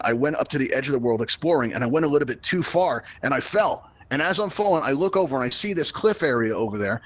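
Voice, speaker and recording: A man's voice: mid-range voice, a bit bright. A man with a Brooklyn accent hosting a live virtual reality tutorial, chatty and upbeat, checking in with the audience with frequent "right?" asides as he demonstrates. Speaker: VR event host and instructor. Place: virtual reality event space.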